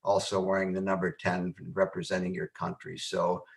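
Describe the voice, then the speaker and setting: An older man, a former coach, giving measured congratulatory remarks over a video call, halting now and then. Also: sits low, completely flat delivery, creaky, rough recording. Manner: measured, warm-hearted, halting with fillers.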